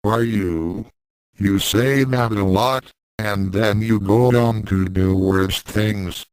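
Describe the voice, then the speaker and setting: A man's voice: lowish voice, steady tone, slow pace, darkish tone, smooth, no echo, rough recording. A man reading fan fiction aloud and voicing a sarcastic, mind-reading invisible cat with a dry, mocking manner. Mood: condescending.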